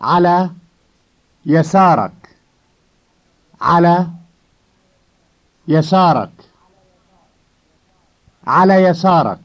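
Man, model speaker for a language course, slow careful repetitions, fairly high, very lively pitch, dull lo-fi sound. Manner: deliberate, clearly enunciated repetitions. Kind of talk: slow, careful pronunciation drills.

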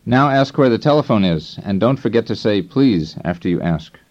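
A man guides a scripted language lesson in a calm, measured teaching tone. His voice sits low, and the old recording sounds dull and muffled. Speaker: language course instructor.

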